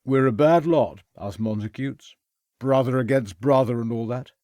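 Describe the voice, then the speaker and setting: A man's voice: medium pitch, moderate pace, darkish tone, dry recording, clean studio sound, natural voice. A male audiobook narrator voicing a tipsy, rambling young upper-class man who slurs and chatters on in self-pity. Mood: sheepish. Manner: slurring, chatty, self-pitying.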